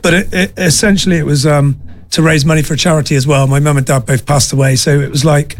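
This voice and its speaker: Halting festival organizer, a man. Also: fairly high pitch, fairly even intonation. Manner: halting, many fillers. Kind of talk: casual radio interview.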